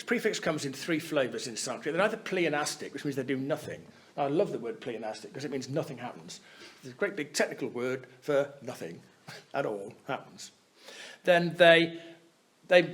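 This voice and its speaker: A man teaching at a Buddhist centre, giving a chatty, explanatory talk and often checking in with his listeners. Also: medium pitch. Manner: conversational, keeps checking in with "yeah?".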